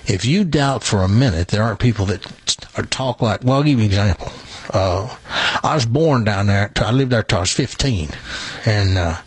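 Husky folksy radio host. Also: male voice, on the low side, animated, normal speed, dry recording. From Tennessee. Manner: chatty, folksy storyteller. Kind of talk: radio talk show. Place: radio studio.

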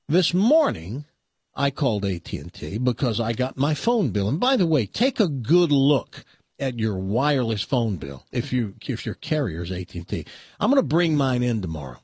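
A man, a talk show host, telling an exasperated story in a casual, animated way. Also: mid-range voice, moderate pace, husky, no echo, clean studio sound.

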